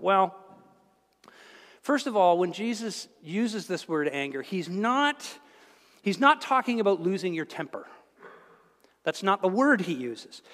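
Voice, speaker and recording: A male pastor giving a conversational, animated sermon in a church, with many restarts and asides. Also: sits high. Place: church sanctuary. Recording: reverberant church hall.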